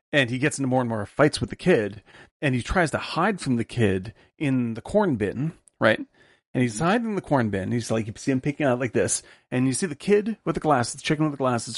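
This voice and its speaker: A man's voice: mid-range voice, dry recording, clean studio sound. A man co-hosting a casual chat show, telling stories with energy and acting out the lines he quotes. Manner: animated storyteller, acts out quotes. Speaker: podcast co-host.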